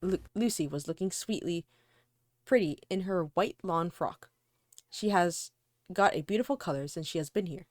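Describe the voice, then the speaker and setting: A woman's voice: fairly low pitch, normal speed, no echo, clean studio sound. A woman reading a novel aloud for a casual book club, giggly between passages. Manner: giggly, reads long passages. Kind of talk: casual read-aloud and chat.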